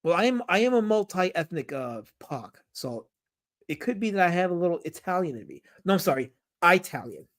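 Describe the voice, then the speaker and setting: A man live-streaming, reading chat comments aloud and talking about comics in an animated, jokey way. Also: high-pitched, a little fast.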